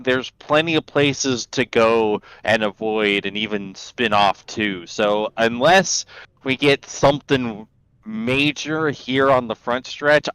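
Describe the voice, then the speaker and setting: Bright-voiced man co-commentating a race. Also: fairly low pitch, clean tone, dry recording, rough recording. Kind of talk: sim racing commentary.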